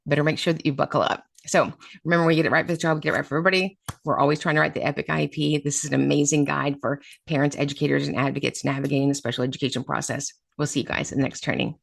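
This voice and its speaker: This is a woman hosting a casual storytelling podcast, with a low voice and plenty of gravel in it. She talks straight and emphatic, pressing each point home. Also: steady tone, rapid-fire, no room sound. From Florida. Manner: direct, emphatic straight talk. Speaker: podcast host and special education advocate.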